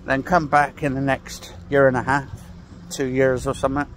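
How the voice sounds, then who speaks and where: A man's voice: medium pitch, level tone, moderate pace, slight background noise. A man rambling and ranting sarcastically while he walks outdoors, swearing and sighing as he talks. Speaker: vlogger. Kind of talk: casual ranting walking vlog. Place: outdoors on a walk.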